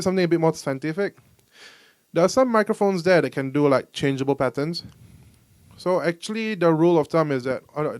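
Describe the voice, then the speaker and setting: A man's voice: a little high, darkish tone, clear, resonant tone, no echo. A man leading a home-recording workshop, explaining mic technique in a loose, rambling way full of "like". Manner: casual, rambling, filler-heavy explanations. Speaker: workshop instructor. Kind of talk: live recording workshop demo. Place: music store workshop room.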